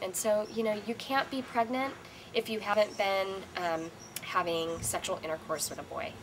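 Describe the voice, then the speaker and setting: A middle-aged woman talks through advice in a calm, reassuring, motherly way, laying things out step by step. Her voice sits at an ordinary pitch, and a steady hiss of background noise runs under the home recording. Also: normal speed. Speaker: co-host giving advice. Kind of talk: casual advice chat.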